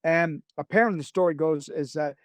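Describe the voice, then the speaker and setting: As a guest on a podcast, the creator of a series tells a long, rambling anecdote with many restarts and acted-out quotes. His voice is fairly high and a little fast, recorded with no echo.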